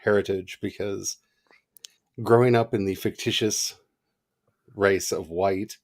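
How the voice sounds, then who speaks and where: A man co-hosting a livestream in casual chat, animated and chatty, laughing often. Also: on the low side, takes it slowly. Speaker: livestream co-host.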